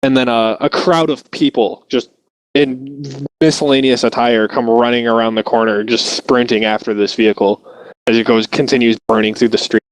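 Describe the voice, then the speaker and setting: A man's voice: mid-range voice, steady tone, normal speed, dry recording, low-quality recording. A man acting as game master, describing scenes cinematically in a loose, hesitant way with frequent restarts. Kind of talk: narrating a tabletop game.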